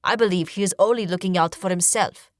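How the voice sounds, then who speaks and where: A woman's voice: on the low side, a little fast, no echo, studio quality, close to an everyday voice. A woman voicing a stern, formal warrior man. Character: protective loyal male warrior companion.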